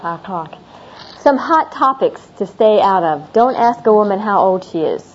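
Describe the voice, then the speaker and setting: A woman's voice: medium pitch, animated, normal speed. A middle-aged woman talking to a class of international students about everyday customs, chatty and a little rambling. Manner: chatty, repeats herself, laughs at her own stories. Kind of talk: classroom talk on American customs. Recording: dull lo-fi classroom recording with faint noise.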